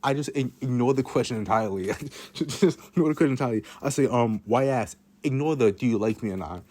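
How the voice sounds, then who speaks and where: A man's voice: medium pitch, fast talker, a little mellow. Man with a casual, rambling storytelling monologue, repeating lines and swearing.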